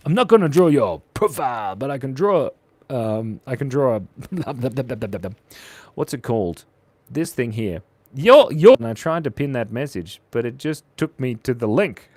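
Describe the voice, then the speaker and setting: A man chats loosely while he draws live for his viewers, reading their messages and answering with goofy puns. His voice bounces between highs and lows with lively energy. The sound is dry and close, with no room echo. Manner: jokey, playful, reads chat aloud. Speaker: livestream artist. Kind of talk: live-stream drawing chat.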